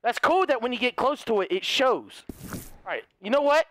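A hoarse man giving excitable, casual let's-play commentary, cursing freely and chatting to his horse. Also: extremely high pitch, moderate pace, a little hiss or hum. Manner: excitable, swears often, talks to his horse. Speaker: gaming video host.

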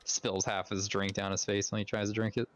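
A man's voice: on the low side, level tone, fairly quick. A man playing in a casual tabletop game, asking questions and narrating his character's actions. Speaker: player.

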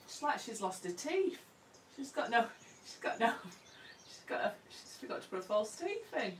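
A woman's voice: fairly high pitch, very animated, moderate pace, recorded from a distance, a little hiss or hum. A woman artist talking through her painting live, chatty and self-deprecating, murmuring to herself as she works. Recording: roomy sound from away from the mic.

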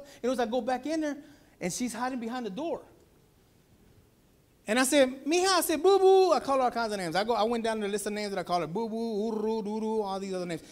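A pastor preaching a Sunday sermon, telling a family story with acted-out voices. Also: male voice, very high voice. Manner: animated storytelling, acts out voices.

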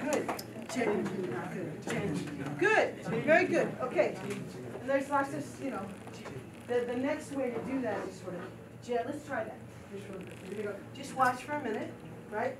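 A woman's voice: fairly high pitch, animated, moderate pace. A woman teaching a group drum and dance class, counting steps, chanting rhythm syllables and encouraging her students. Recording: distant mic with loud noise.

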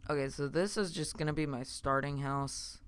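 A man's voice: on the high side, steady tone, normal speed, a bit bright, clear, resonant tone. A young man casually narrating his own game play, rambling and chatty with lots of fillers and self-interruptions. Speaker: gaming YouTuber. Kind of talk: casual Minecraft let's play commentary.

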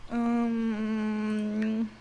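A woman giving casual gameplay commentary, cursing and shouting at the game and speaking to viewers in slangy talk. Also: fairly high pitch, completely flat delivery, very slow, a little hiss or hum. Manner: profane, loud outbursts at the game; slangy, talks to viewers directly. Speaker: gameplay video host.

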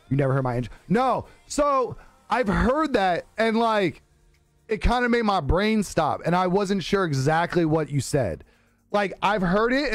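Man, live streamer, casual story, lively swooping voice, slightly high, dry close mic, faint music behind. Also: vocal fry, dry recording. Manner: animated, says "bro" a lot, laughs often, acts out quoted voices.

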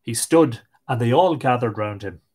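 An Irish man hosting a live stream, reading old fairy tales aloud in a lilting, expressive way. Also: medium pitch, moderate pace, slightly rough. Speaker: host and storyteller.

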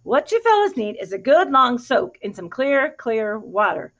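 A woman reading aloud as a brisk, bossy male duck who knows best. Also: a little high, sing-song. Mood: advising. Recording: dull lo-fi recording.

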